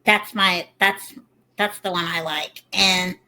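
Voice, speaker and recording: Bright-voiced woman joking on a podcast. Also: on the low side, steady tone, takes it slowly, low-quality recording. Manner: playful, self-deprecating. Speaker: podcast co-host. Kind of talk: casual comedy podcast chat.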